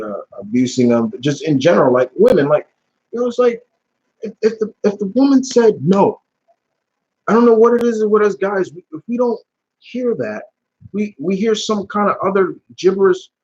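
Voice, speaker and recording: Husky-voiced man ranting on a live stream. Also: sits high, darkish tone. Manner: blunt and heated, swearing, with many restarts. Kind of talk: casual live-stream talk. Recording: dull lo-fi stream audio.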